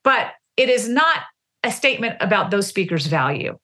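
Bright-voiced woman linguist explaining. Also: medium pitch, normal speed. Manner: animated, acts out example phrases. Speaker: linguist guest. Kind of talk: explanatory interview answers.

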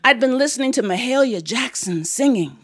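Performing before a studio audience, an Ohio woman shares a family story and bursts into song to lead a call-and-response. She speaks briskly and animatedly in a fairly high voice.

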